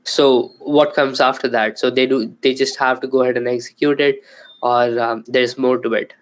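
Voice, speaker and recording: Flat-voiced man hosting a podcast. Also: medium pitch, moderate pace, poor audio. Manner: questioning, hedging with "like" and "um". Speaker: podcast host. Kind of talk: casual podcast conversation.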